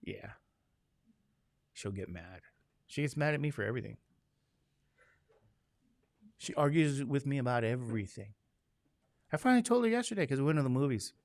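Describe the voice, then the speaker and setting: Casual male instructor, gravelly, dry close sound, joking storyteller. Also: mid-range voice, very animated, normal speed, pauses often, a little mellow, no room sound. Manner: chatty, joking storyteller, acts out quoted voices. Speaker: statistics instructor. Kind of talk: casual chat with a class.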